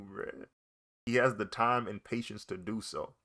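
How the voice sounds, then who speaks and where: A man's voice: on the low side, steady tone, measured pace, bright, forceful tone. A young man chatting casually and reacting while he draws, slangy and laughing often. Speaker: artist streaming while drawing.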